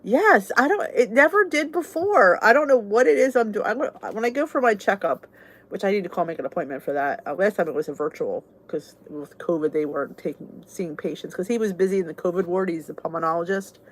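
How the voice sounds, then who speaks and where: A woman's voice: medium pitch, expressive, brisk, slight background noise. A middle-aged woman hosting a casual chat, candid and oversharing, laughing often as she talks. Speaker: vlog host.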